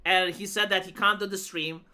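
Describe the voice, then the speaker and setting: A woman's voice: medium pitch, fairly even intonation, moderate pace, bright, forceful tone. A woman live streamer telling a rambling, profane story in casual chat, full of fillers and restarts. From Romania.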